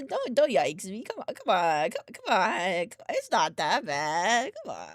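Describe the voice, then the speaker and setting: A woman's voice: medium pitch, sing-song, unhurried, no echo, clean studio sound. A woman streaming from her home desk, chatting casually and playfully teasing, cooing baby talk at her cat. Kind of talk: casual live-stream chat.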